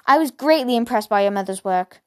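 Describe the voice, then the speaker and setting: Stiff formal bookish tutor guy from a storybook, lady reading him, highish voice. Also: animated, fairly quick, close to an everyday voice. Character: mild, bookish man tutor.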